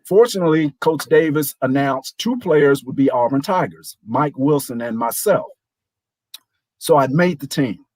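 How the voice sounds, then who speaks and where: A man in his sixties, a show guest, telling a lively anecdote and acting out the voices of people in it. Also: mid-range voice, moderate pace, no echo, rough recording. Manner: animated, acts out quoted voices. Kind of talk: storytelling anecdote.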